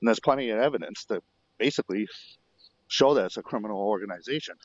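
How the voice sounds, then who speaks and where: A somewhat low-voiced man calls in to a podcast, talking earnestly and padding his points with fillers. His voice comes through a dull, lo-fi phone line. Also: fast talker, no room sound. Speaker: caller. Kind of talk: casual chat.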